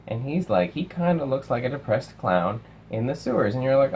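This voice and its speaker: Animated young man reviewing films. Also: medium pitch, normal speed, a little hiss or hum, low-quality recording. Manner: animated, swears, acts out quotes. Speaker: film reviewer. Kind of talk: casual spoken review.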